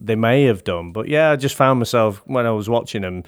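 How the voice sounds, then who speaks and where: A man's voice: mid-range voice, a little fast, clean tone, dry recording, clean studio sound. A British man co-hosting a film review podcast in casual chat. He asks questions and chuckles at plot holes. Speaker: podcast co-host reviewing films.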